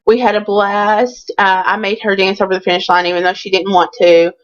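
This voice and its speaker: A woman's voice: medium pitch, little pitch movement, fairly quick, muffled recording. A woman telling a candid, chatty storytime in a casual vlog. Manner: chatty and candid, with many ums. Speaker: vlogger.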